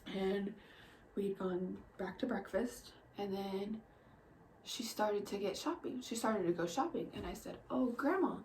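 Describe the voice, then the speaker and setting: A young woman telling personal stories in a vlog, soft-spoken and halting, often dropping to near a whisper, emotional. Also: mid-range voice, fairly even intonation, a little hiss or hum, rough recording. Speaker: vlogger.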